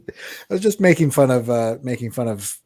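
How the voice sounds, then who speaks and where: A middle-aged man co-hosting an art podcast, telling stories in a lively way and laughing often. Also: medium pitch, moderate pace, no echo. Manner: animated storytelling, laughs often. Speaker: podcast co-host, artist. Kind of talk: casual chat.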